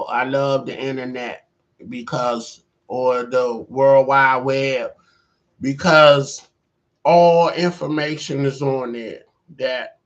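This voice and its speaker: A middle-aged man spins a loose, rambling story straight to the camera. He takes his time and leans on fillers as he drifts from one thought to the next. His voice sits at an ordinary pitch. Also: a bit bright, muffled recording. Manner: rambling, with many fillers like "you know". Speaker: vlogger.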